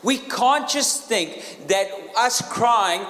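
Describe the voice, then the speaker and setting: A man's voice: high voice, animated, extremely slow, sharp tone. A man preaching a sermon in an emphatic manner, repeating key phrases and asking the crowd questions. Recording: echoey hall with long reverb.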